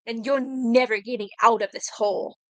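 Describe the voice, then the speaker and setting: A woman's voice: fairly high pitch, steady tone, normal speed, fairly bright tone, dry recording, low-quality recording. A woman reading aloud, voicing a cruel, hateful male robot villain who snarls orders. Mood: cold hateful. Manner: snarling, barked commands. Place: bedroom at home.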